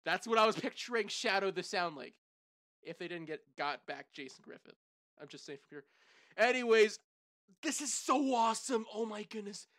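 A young gaming channel host reacting to a movie trailer, hyper and loud, shouting and laughing. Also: mid-range voice, expressive, moderate pace, no room sound, clean studio sound. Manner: hyper, shouts and laughs, lots of "bro" and "oh my gosh".

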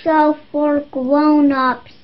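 Little child giving a warning, very high, very slow, sing-song, muffled lo-fi. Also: male voice, flat delivery, exaggerated voice. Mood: solemn. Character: small child warning about grown-up content.

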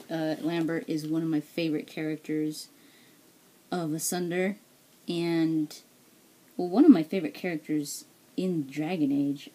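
A woman's voice: deep voice, dark tone, poor audio. A woman talking casually in a behind-the-scenes vlog, rambling and hesitant with many fillers, partly from her home garage. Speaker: cosplayer and video maker.

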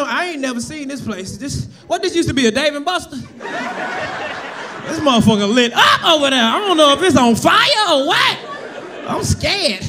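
A man with a Southern US accent doing loud, profane stand-up crowd work, roasting the audience from a club stage. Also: extremely high pitch. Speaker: stand-up comedian. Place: comedy club ballroom on stage. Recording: live club crowd laughter and noise. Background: audience laughter.

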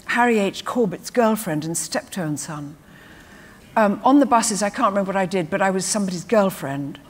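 Older woman telling stage stories in a hall. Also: medium pitch. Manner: lively storyteller who acts out quotes. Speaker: guest actress. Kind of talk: anecdotal stage interview. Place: festival stage before an audience. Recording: reverberant live hall.

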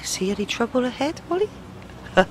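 A British woman gives excitable let's play commentary over game music, swearing and shrieking at the action. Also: fairly high pitch, a little fast, slight background noise. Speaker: gamer.

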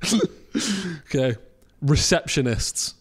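A man's voice: a little high, expressive, husky. Cheeky male podcast host. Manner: cheeky, joking, quick to laugh. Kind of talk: casual chat.

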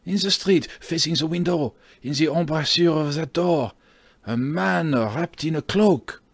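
A man's voice: lowish voice, animated, no room sound. A man reading a timid, fawning landlord. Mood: alarmed. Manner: slow, hesitant speech with fillers. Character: timid middle-aged male landlord, fearful, fawning.

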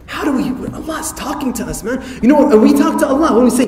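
High-voiced, fast-talking male lecturer in a hall. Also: animated, a little hiss or hum. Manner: rhetorical questions and playful asides. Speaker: Islamic lecturer. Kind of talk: lively religious talk to an audience. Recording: echoey hall reverb.

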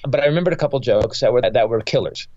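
A man's voice: medium pitch, expressive, quick pace, darkish tone, no echo. Heated, profane man telling a story. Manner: profane, heated, rambling with many restarts. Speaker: guest comedian. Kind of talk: casual podcast interview storytelling. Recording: dull, dry podcast audio.

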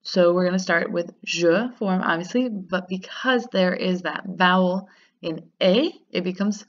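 A French teacher with a lower-pitched voice gives a grammar lesson, staying upbeat and patient and slowing down to repeat words. The recording sounds dull and lo-fi.

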